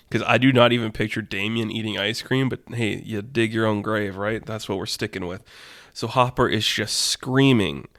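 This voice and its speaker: A young man hosting a podcast, narrating a made-up fight story in a rambling, animated way and laughing at his own jokes. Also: lowish voice, no echo, clean studio sound. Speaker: podcast host.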